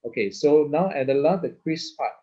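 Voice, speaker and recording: A man's voice: a little high, normal speed, warm tone, dull audio. A man teaching an online class, explaining patiently and checking in with "okay?" after nearly every phrase. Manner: patient, repeats words, frequent "okay?" checks. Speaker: Hebrew teacher. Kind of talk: online lesson with slides.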